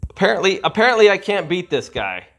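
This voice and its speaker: A man giving frustrated gameplay commentary as a channel host, sighing and ranting with drawn-out insults at the game. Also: high-pitched, very animated, creaky, a bit bright, a little hiss or hum.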